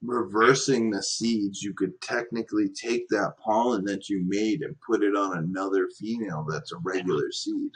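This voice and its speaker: A laid-back man hosts a stream in casual chat. His voice is very low and husky, and he explains things calmly. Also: moderate pace, hardly any pauses, rough recording.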